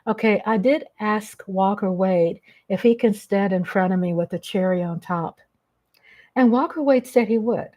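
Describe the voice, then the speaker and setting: A woman's voice: mid-range voice, moderate pace, a little mellow. Chatty woman streaming live. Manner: chatty, greets viewers by name, affectionate. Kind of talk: casual live-stream chat.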